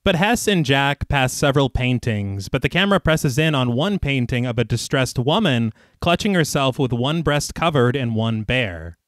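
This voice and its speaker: A man at mid pitch recaps a film plot for a podcast in a steady reading voice, then drops in joking asides. The sound is dry and close, with no room around it. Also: moderate pace, hardly any pauses, dry recording. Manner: reads recap evenly, then jokes with animated asides.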